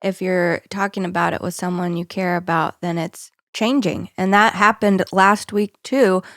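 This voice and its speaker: A woman's voice: on the low side, fairly even intonation, moderate pace, a bit bright, no room sound, clean studio sound. A young woman co-hosting a podcast in casual chat, playful and teasing. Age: young adult. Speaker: podcast co-host.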